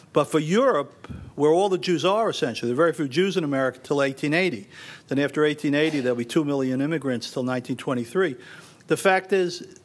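A man giving a lecture in an emphatic way, repeating phrases for stress and addressing the audience directly. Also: fairly high pitch. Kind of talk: university lecture.

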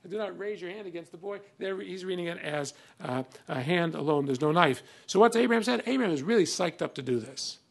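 A man's voice: sits high, expressive, brisk, vocal fry, few pauses. A man giving a conversational classroom lecture on old texts, reading passages aloud with emphasis between many fillers.

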